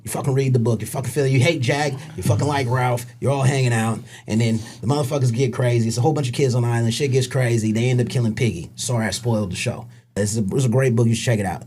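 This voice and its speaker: A middle-aged man in casual podcast chat, animated and joking, swearing freely as he tells stories. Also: medium pitch, fast, hardly any pauses. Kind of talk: casual conversation.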